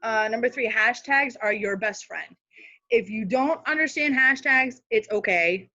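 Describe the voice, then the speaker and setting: A woman's voice: on the high side, unhurried, sharp tone, no echo, highs cut off. A woman speaking as a guest social media manager, giving casual, practical tips on a live video call with many fillers and asides.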